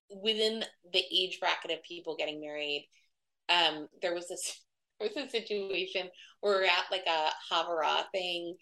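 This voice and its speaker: A woman in her thirties talks as a guest in a relaxed interview, her voice slightly low with a gravelly fry and a bright edge. She tells stories in a loose, chatty way, full of fillers, and acts out the voices of people she quotes. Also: poor audio. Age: 30s. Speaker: guest, wedding website publisher. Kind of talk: casual conversational interview.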